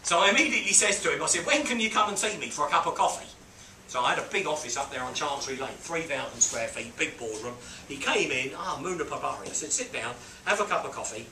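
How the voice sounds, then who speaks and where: A man's voice: a little high, lively intonation, quick pace, sharp tone, slight background noise. A man telling a story to a small group, acting out voices and beeping sounds. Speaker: speaker mentoring a group. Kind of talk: storytelling talk to a small audience. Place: on a boat, roomy space. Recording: roomy, mic at a distance, faint ambience.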